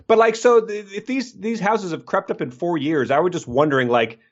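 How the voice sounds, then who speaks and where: A man's voice: high voice, normal speed, lo-fi sound. A man co-hosting a casual book podcast, rambling and joking and laughing often. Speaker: podcast co-host.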